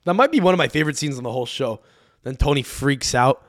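A young man hosting a solo podcast, ranting in a profane, animated way into a close mic. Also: medium pitch, fast, no room sound. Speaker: podcast host.

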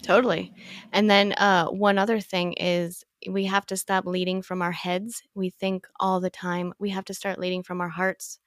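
A woman's voice: mid-range voice, no room sound, clean studio sound. A woman guest in a casual podcast conversation, talking with enthusiasm and repeating phrases for emphasis.

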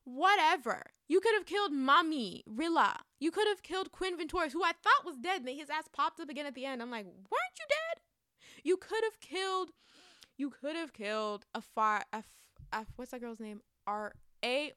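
A woman's voice: high-pitched, brisk, hardly any pauses, no room sound, studio quality. A young woman giving a casual, emotional spoiler review of a book, ranting and swearing with frustration. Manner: emotional, ranting, profane, animated.

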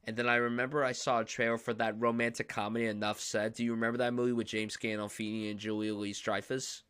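A man's voice: lowish voice, level tone, fast, fairly bright tone, clean tone. A young man hosting a podcast, talking through films in an enthusiastic, emphatic, casual way. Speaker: podcast host. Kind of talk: casual film discussion.

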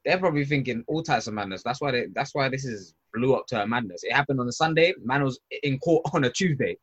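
A man's voice: medium pitch, animated, fast, slightly rough, dull audio. A young man, co-hosting a casual podcast chat, joking in slang. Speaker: podcast co-host.

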